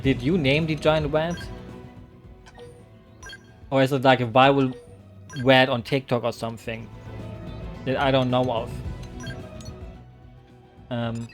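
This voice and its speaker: A man streaming a game, chatting loosely with his chat, joking and rambling with lots of "like" and "you know". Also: medium pitch. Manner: rambling, joking, many fillers.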